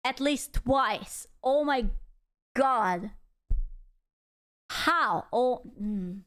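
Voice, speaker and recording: A woman's voice: fairly high pitch, lively intonation, extremely slow, a bit bright. A woman streamer giving casual reaction commentary, ranting in a heated, profane way because she is upset. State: angry and upset.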